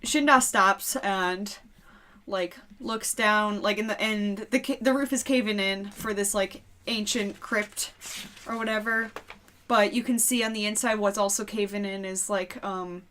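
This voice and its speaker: A woman's voice: mid-range voice, fairly bright tone. A woman running a tabletop game as game master, describing scenes loosely with plenty of fillers.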